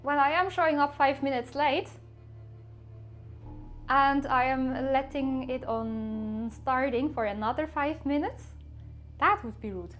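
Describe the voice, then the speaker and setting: Chatty high-voiced woman streamer. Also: measured pace, fairly bright tone, faint music behind. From Switzerland. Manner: chatty and rambling, laughs often, self-mocking. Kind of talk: casual live-stream chat to viewers.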